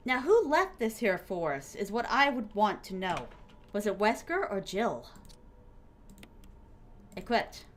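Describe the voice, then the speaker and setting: A young woman streaming a horror game, giving excitable live commentary and talking to herself and her chat as she plays. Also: mid-range voice, measured pace, long pauses, slight background noise. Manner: excitable, talks to herself and chat while playing.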